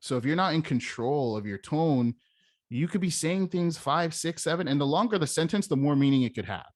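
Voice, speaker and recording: A man's voice: on the high side, lively intonation, a little fast, a little mellow, dry recording, clean studio sound. A young man teaching as a sales coach in a casual, emphatic way, demonstrating how stressing different words changes meaning. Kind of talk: casual instructional talk.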